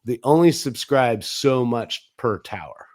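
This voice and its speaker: A man's voice: mid-range voice, lively intonation, unhurried, a little mellow. Chatty man telling business anecdotes. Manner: rambling, anecdotal, acts out quoted dialogue; frequent restarts and fillers. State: coughing at times. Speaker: guest, 5G business internet provider. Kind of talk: casual interview talk.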